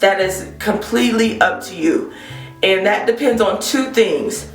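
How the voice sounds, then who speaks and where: A woman's voice: medium pitch, measured pace, far from the mic. A woman vlogger with a cold gives a casual product review, her voice scratchy as she talks straight to viewers. She speaks a little away from the mic in a roomy space. Faint guitar music plays underneath. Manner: chatty, addresses viewers directly, frequent ums. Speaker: hair care vlogger.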